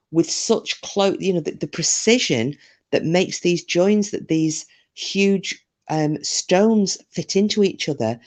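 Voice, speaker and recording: A woman's voice: low voice, a little mellow. Chatty woman hosting a livestream. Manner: chatty, reads out viewer comments, self-deprecating. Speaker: livestream host. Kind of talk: casual chat with live viewers.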